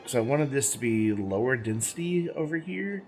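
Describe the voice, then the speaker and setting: A man's voice: mid-range voice, expressive, normal speed, faint music behind. A man hosting a gaming channel, giving casual let's-play commentary as he plays, thinking aloud, rambling and correcting himself, with the hiccups.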